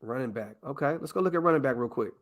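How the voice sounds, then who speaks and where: A male podcast host in casual live-stream chat, excitable and profane, talking straight to his viewers as he works through a mock draft. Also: mid-range voice, quick pace.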